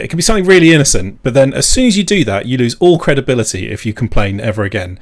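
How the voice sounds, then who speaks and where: A man's voice: medium pitch, very animated, racing. A man co-hosting a podcast, easygoing and self-deprecating in casual chat. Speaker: podcast co-host.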